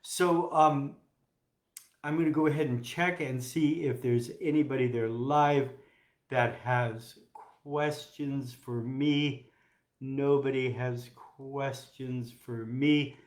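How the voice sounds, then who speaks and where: A man's voice: mid-range voice, fairly even intonation, takes it slowly. A man coaching doctors in a casual, joking live talk, acting out examples. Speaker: health coach teaching doctors. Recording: roomy echo.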